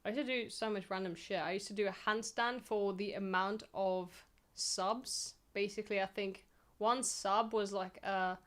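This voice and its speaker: A woman's voice: mid-range voice, fairly even intonation, moderate pace. A young woman streamer chatting casually and rambling from a small home office, poking fun at herself. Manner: rambling, chatty, self-mocking. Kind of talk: casual live-stream chat.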